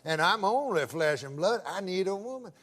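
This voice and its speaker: A lonely old gold prospector talks in a low, rough, folksy drawl, voiced by a man telling a joke. He sounds weathered and gruff. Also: expressive, normal speed, fairly bright tone, in a large hall. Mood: gruff, pleading.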